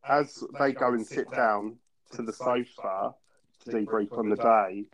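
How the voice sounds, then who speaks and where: Recapping a TV episode on a casual podcast he records by phone at home, this male co-host is chatty and teasing and laughs often. His mid-range voice is steady and a little slow, with crowd noise and poor audio quality.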